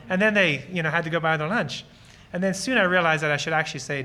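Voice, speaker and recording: This Lancaster County, Pennsylvania man speaks fast in a voice on the high side with a sharp edge. As a guest speaker on ministry, he delivers an eager, heartfelt talk that mixes audience questions with personal anecdotes. While explaining, he performs brief snippets of dialogue.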